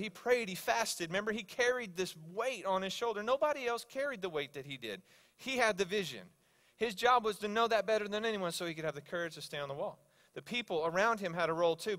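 Animated high-voiced pastor preaching. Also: male voice, quick pace. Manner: animated storytelling, swings between loud and hushed. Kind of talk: sermon. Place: church sanctuary.

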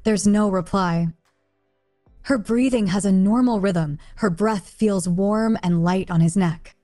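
A woman's voice: mid-range voice, slow. Woman narrating an audiobook over faint music. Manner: plain, even read-aloud delivery in short sentences. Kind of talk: reading a translated novel aloud.

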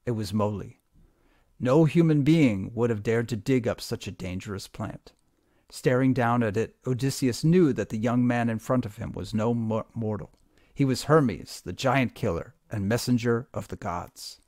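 A man, a teacher, reading a retold myth aloud to a class in an expressive, steady storytelling voice. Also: mid-range voice, normal speed, no echo, studio quality.

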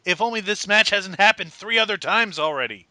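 Man, podcast host, lively pitch, very bright, sarcastic, dry sound. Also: a little fast, dry recording. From Scotland. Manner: animated, sarcastic. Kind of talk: casual wrestling podcast chat.

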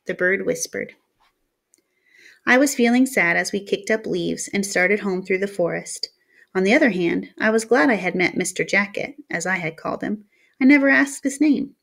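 A woman reading a novel aloud in a steady storytelling manner, narrating in the first person. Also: mid-range voice, normal speed, vocal fry. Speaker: reader. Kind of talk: audiobook narration.

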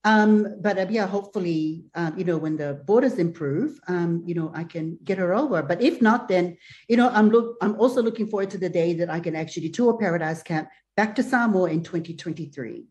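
A woman's voice: on the low side, a little fast, darkish tone. A woman speaking as an artist guest at a live panel, telling a long-winded, hesitant story full of fillers.

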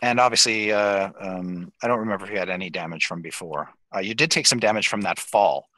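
A man narrating as dungeon master, relaxed and pausing often as he describes the scene and rules. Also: sits low, no echo, low-quality recording. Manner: relaxed, with frequent pauses and fillers. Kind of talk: narrating a tabletop game.

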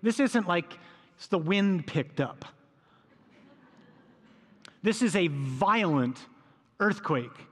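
A man preaching a sermon, his voice sitting fairly high for a man. He tells the scripture as a lively story and slips into the voices of the people in it. The sound rings with the long reverb of a large hall. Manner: storytelling, acts out voices of disciples. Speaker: priest preaching.

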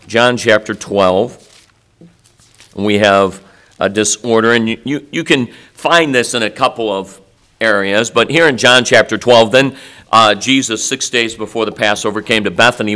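A middle-aged male pastor preaching a sermon in a college chapel, animated, swinging between loud and soft with mocking asides. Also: fairly low pitch, normal speed.

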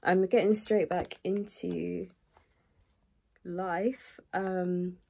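A woman's voice: on the low side, fairly even intonation, very slow, creaky, a little mellow. Stuffy-nosed young woman rambling. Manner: rambling and chatty, full of fillers, often says "guys". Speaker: vlogger. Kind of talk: casual chat to camera. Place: home, indoors, small rooms.

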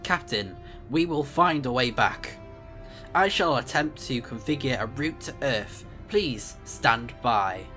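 A man's voice: mid-range voice, lively intonation, slow pace, sharp tone, soft background music. A man reading out the lines of a formal, dutiful male starship AI in a stiff, polite manner, with small stumbles. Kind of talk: reading game dialogue aloud.

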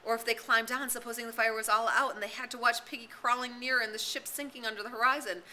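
A woman's voice: fairly high pitch, fairly even intonation, fast, pushed and bright, slight background noise, low-quality recording. A woman narrating a novel as an audiobook, reading expressively and dramatically. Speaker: reader and tutor.

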